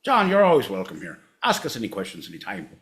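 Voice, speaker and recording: A man's voice: fairly low pitch, huge pitch swings, quick pace, a bit bright. A man voicing a rambling stereotyped Irish man in a put-on Irish accent, stammering and sing-song in a comedy bit.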